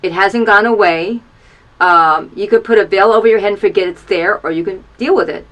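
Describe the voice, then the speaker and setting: A woman in her fifties gives an earnest personal testimony to camera in a small video booth. She urges listeners with repeated calls to action and is openly emotional, her voice sinking low at times. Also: fairly quick, fairly bright tone, low-quality recording. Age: 50s. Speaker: storyteller sharing an HIV testimony.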